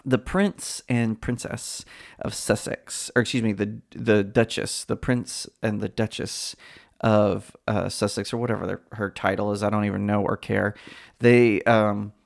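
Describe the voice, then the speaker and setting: Male commentary host, low and gravelly, chatty and opinionated. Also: steady tone, a little slow. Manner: opinionated, chatty, frequent fillers. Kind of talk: casual pop culture commentary.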